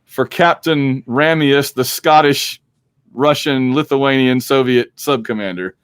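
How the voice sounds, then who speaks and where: A man's voice: medium pitch, a little slow, a bit bright, clear, resonant tone, no echo. A man hosting a podcast, chatting casually and rambling through a movie discussion. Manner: rambling, chatty, acts out quotes. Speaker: podcast host.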